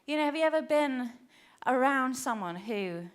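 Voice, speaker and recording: This high-pitched, animated woman preaches at a moderate pace, talking to her congregation in an earnest, conversational way. She frequently performs quoted voices and sometimes lowers to a hushed tone.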